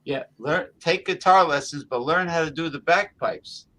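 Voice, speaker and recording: A man hosts a loose livestream chat in a fairly high voice. He stumbles through restarts and fillers and repeats himself to keep the floor. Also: pushed and bright, low-quality recording. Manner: halting, restarts with many fillers. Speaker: livestream host.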